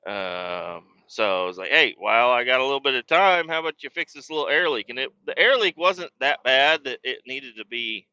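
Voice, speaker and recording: A man's voice: mid-range voice, expressive, normal speed, hardly any pauses, pushed and bright, clean tone, dry recording, dull audio. A man, a truck driver, hosting a podcast and telling a rambling story in casual, profane talk, raising his voice when he quotes people.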